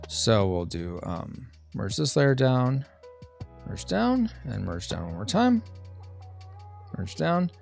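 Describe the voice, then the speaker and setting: Lively man chatting through an art stream. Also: medium pitch, takes it slowly, gravelly, long pauses, faint music behind. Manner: thinks aloud, reads chat, playful sound effects. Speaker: streamer and podcast host. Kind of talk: casual live-stream chat while drawing.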